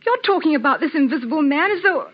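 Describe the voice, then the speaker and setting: The vicar's sensible young daughter in a 1940s radio play, gentle and reassuring in a high, lively voice. The recording is dull and muffled. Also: female voice, fast.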